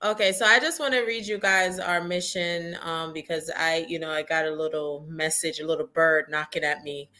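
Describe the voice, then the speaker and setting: A woman's voice: sits low, fairly even intonation, moderate pace, few pauses, pushed and bright. A woman joining a live show as a guest, talking casually with plenty of fillers. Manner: chatty, with many fillers. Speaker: guest co-host. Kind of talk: casual live-stream chat.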